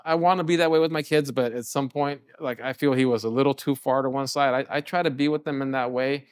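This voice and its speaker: A man's voice: mid-range voice, quick pace, clean tone, no room sound. Middle-aged chef guy from california, chatty storytelling, acts out the dialogue, dry close sound. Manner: animated storyteller, often acts out quoted dialogue. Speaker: chef and restaurant owner, guest. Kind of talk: casual interview storytelling.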